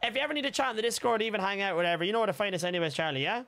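A young Irish man live-streaming a football game, chatting casually with viewers, swearing freely and shouting at goals. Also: high voice, racing. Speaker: gaming streamer.

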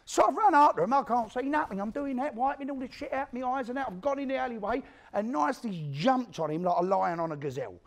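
A man's voice: very high voice, quick pace, few pauses. A man playing an East End career criminal in a one-man stage play, telling his violent story in coarse, swearing East London street talk and acting out what others said. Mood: gritty. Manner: animated storyteller who acts out the quotes of others. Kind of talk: theatrical monologue to a live audience.

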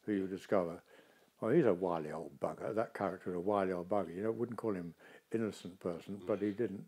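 A man's voice: low voice, fast, slightly rough. An older man, an actor, talking in a casual interview and telling stories expressively. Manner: expressive, animated storytelling.

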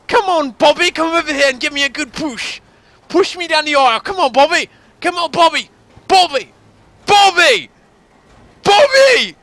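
A man putting on a frantic, desperate voice, shouting and dragging out his pleas to a friend. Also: extremely high pitch, expressive, normal speed, pauses often, dry recording, voice pushed up, full character voice. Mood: frantic pleading. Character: frantic shrieking person pleading for Bobby.

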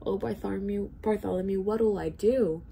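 A woman's voice: on the low side, lively intonation, fast, creaky, a little mellow, slight background noise. A woman voicing a panicky male royal trumpeter who wails and fusses in a storybook reading. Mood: frantic. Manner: wailing, frantic.

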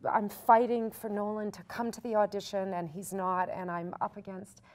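A woman's voice: mid-range voice, flat delivery, moderate pace, darkish tone. A young Canadian woman, a stage actor, chatting animatedly and laughing easily in a casual cast Q&A. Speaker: musical theatre actor. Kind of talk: casual Q&A chat.

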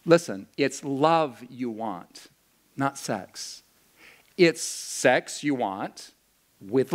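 A male pastor preaching to a youth camp. He moves between slow, solemn scripture reading and quick, joking asides. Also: mid-range voice, fairly bright tone. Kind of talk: sermon to a youth camp crowd.

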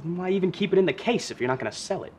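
Cocky teen boy, brash quick comebacks, faint hiss. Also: high-pitched, animated, a little mellow. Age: teens.

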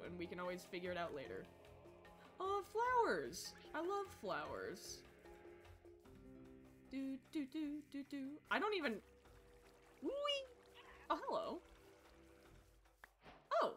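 A woman streaming a game and chatting with her viewers, excitable and squealing over cute animals, swearing casually, with faint game music behind her. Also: on the high side. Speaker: Twitch streamer. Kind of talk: casual gaming livestream chat.

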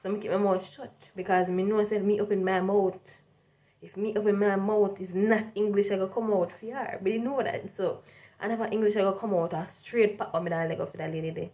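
A woman's voice: medium pitch, steady tone, fairly quick, warm tone. A young woman from Jamaica with a strong Jamaican accent, telling a vlog story casually and animatedly, slipping between standard English and Jamaican Patois. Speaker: vlogger.

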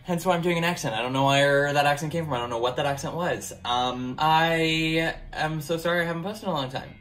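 A man's voice: on the high side, brisk, a bit bright. A young man talking casually to his camera as a vlogger, candid and rambling, with many filler words. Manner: candid and open.

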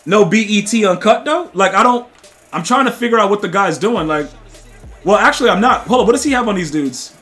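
A man with a high, bright voice runs live game commentary for his chat, trash-talking and shouting now and then. Light music plays behind him. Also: fairly quick. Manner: excitable, trash-talking, repeats "dude" and "bro"; bursts into loud shouting. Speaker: gaming streamer.

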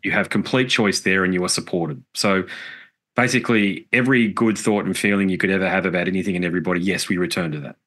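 A middle-aged man talks in a very deep, low register. He recounts things earnestly and reflectively, with casual swearing, in a relaxed interview chat. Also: fast talker. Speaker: podcast guest, musician.

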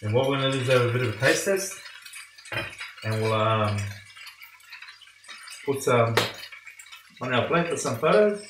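A man's voice: mid-range voice, expressive, unhurried, long pauses, noisy background. Chatty man cooking in an echoey kitchen. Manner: chatty, enthusiastic, addresses viewers as guys. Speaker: home cooking vlogger. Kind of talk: casual cooking vlog. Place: home kitchen. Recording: echoey kitchen with pots and pans.

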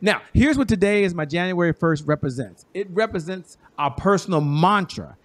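A man's voice: high voice, expressive, normal speed, no echo. A man hosting a talk show, upbeat and speaking straight to the viewers. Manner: upbeat, addresses viewers directly.

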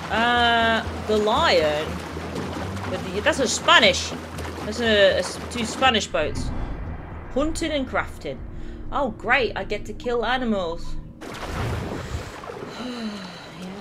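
A gaming streamer giving casual let's-play commentary, chatty, swearing, and full of quick asides. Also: medium pitch, lively intonation, music in the background. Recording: noisy game audio behind voice.

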